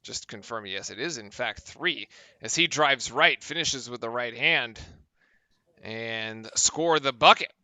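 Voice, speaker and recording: A man calling a basketball game play-by-play, with brisk, excited calls of the action. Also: mid-range voice, dry recording. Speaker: play-by-play commentator.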